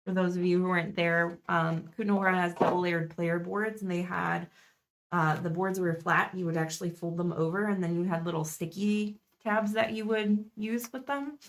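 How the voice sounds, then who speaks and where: A young woman chatting through a live-stream board game unboxing, thinking aloud and laughing softly as she goes. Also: fairly low pitch, fairly even intonation, moderate pace.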